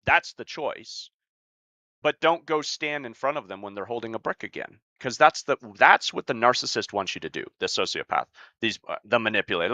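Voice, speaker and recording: A man's voice: medium pitch, bright, forceful tone, dry recording, lo-fi sound. A man co-hosting a podcast as a life coach, talking in a blunt, emphatic way and swearing freely. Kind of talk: casual podcast talk.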